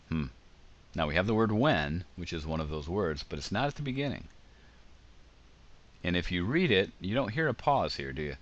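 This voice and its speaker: A man's voice: sits low, lively intonation, normal speed, a bit bright. A man giving a casual grammar lecture over slides, explaining with examples and frequent ums. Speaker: teacher.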